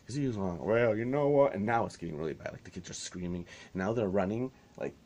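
A man's voice: deep voice, fast talker, a little mellow. A man telling a story in a casual vlog, exasperated and sarcastic, swearing freely. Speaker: vlogger.

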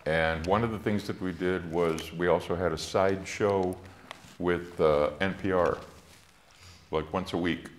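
An older man, an actor on a college panel, recalling his career in a relaxed way with pauses. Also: deep voice, slight background noise. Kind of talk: reflective talk.

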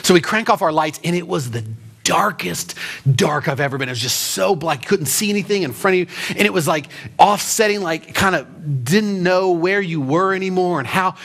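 A man's voice: high voice, moderate pace, a bit bright. A man preaching a conversational sermon in church, telling stories and pressing his point with rhetorical questions. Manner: storytelling, emphatic with rhetorical questions. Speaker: pastor.

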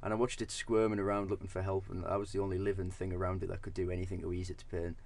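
Deadpan young man telling a tall tale. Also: sits low, gravelly, a little hiss or hum. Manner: deadpan, halting with restarts. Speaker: podcast co-host. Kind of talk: deadpan comic storytelling.

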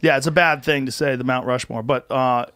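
A man's voice: medium pitch, steady tone, a little fast, fairly bright tone, slight background noise. A male comedian in casual chat, laid-back and blunt, swearing freely.

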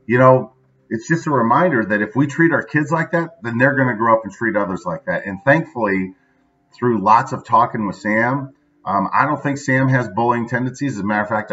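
A man's voice: mid-range voice, pushed and bright, dull audio. A man talking casually in a daily video monologue, chatty and often adding "right?" at the end of his sentences. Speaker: vlogger.

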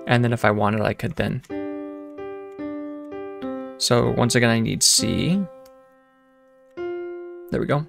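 A man's voice: mid-range voice, takes it slowly, creaky, pauses often. A man giving a casual music lesson, thinking aloud with fillers and restarts and sometimes humming rhythms. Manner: hums and counts rhythms aloud. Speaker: music teacher. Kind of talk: casual lecture with keyboard demos. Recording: piano playing in the background.

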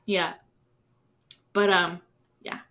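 A woman's voice: fairly low pitch, little pitch movement, very slow, fairly bright tone. A woman co-hosting a casual podcast, chatty and giggly, giving friendly advice. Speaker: podcast co-host. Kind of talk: casual chat.

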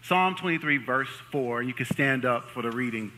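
A young man preaching a sermon in a church, lively and joking as he hypes up the congregation. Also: mid-range voice, moderate pace. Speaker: pastor. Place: church sanctuary. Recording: long reverb of a large hall.

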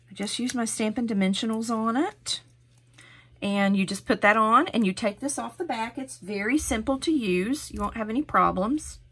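A woman's voice: a little high, fairly bright tone. Host, female, middle-aged: chatty, encouraging craft demonstrator, step-by-step delivery.

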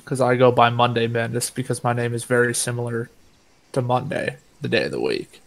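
A young man chats casually while gaming alongside a friend, wry and quick to explain things, with plenty of cursing. His voice sits at an ordinary middle pitch. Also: creaky. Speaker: gamer co-player.

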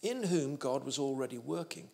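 A man's voice: medium pitch, animated, moderate pace, creaky, dark tone. A man, a guest preacher telling a humorous story in a sermon.

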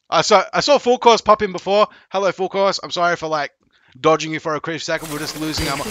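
A man's voice: high voice, fast, dry recording, studio quality. A man coaching video games on a live stream, chatting casually, swearing and joking with viewers. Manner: profane, joking, excitable.

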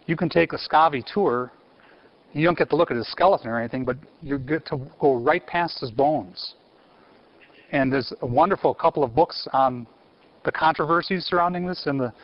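A man giving a university theology lecture in an animated way, quizzing his audience and restarting phrases. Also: a little high. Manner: animated, asks the audience questions, frequent restarts. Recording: muffled lecture recording.

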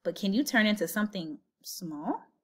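A woman's voice: medium pitch, lively intonation, normal speed, lightly acted. A woman reading aloud and voicing a boastful, clever talking male cat in a storybook. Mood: scheming. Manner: bold, scheming, showy.

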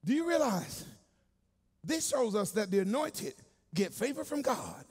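A male pastor preaching a sermon in a church, colloquial and call-and-response, swinging from hushed asides to shouting. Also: very high voice, big pitch swings, unhurried, slightly rough.

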